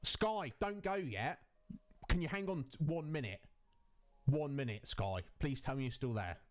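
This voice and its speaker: A man streamer in casual chat, effusive and chatty, warmly greeting viewers by name. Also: medium pitch, very animated, moderate pace, faint music behind.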